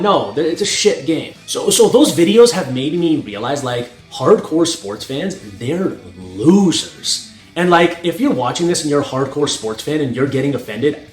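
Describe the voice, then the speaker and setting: A man's voice: a little high, expressive, normal speed. A young North American man, a strength coach, giving a blunt, profane opinion monologue and laughing at his own points. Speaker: strength coach and channel host. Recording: echoey room with faint music.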